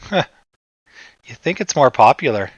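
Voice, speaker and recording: A man from Canada hosting a casual livestream, rambling in a relaxed way and answering his chat. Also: medium pitch, a little slow, breathy edge, no room sound, muffled recording. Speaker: livestream host.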